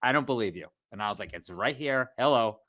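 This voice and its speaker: Animated bright-voiced man telling stories. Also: medium pitch, fast. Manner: animated storyteller, acts out quotes. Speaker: podcast co-host. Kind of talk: casual chat, storytelling.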